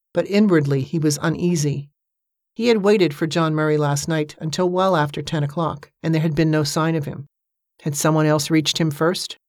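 A narrator reading an audiobook in an even, measured way, giving the characters light voices. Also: mid-range voice, no echo, clean studio sound.

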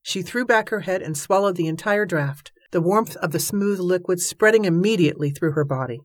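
A woman narrating a novel in even, measured tones. Her voice sits slightly low. The recording is close and dry, with no room sound. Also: no echo. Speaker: audiobook narrator. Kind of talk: scripted narration.

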